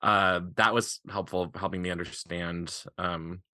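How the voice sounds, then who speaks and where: A man from Eastern Montana, a podcast guest and author, chatting casually and animatedly, laughing often and talking in quick bursts. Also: low-pitched, fairly even intonation, bright, forceful tone, no echo, studio quality.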